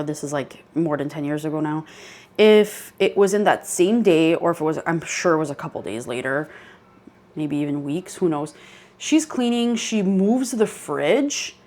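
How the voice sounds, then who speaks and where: Here the channel host is a young woman with a fairly low, darkish voice. She casually relates a ghost story, chatting away with many "like" fillers and laughing while she tells it.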